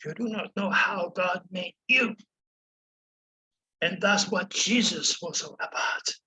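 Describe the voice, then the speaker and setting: A man's voice: high-pitched, takes it slowly, bright, forceful tone, poor audio. A man speaking as an astrologer to his viewers, in a preachy, impassioned monologue that keeps calling the listener "my friend". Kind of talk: passionate monologue to camera.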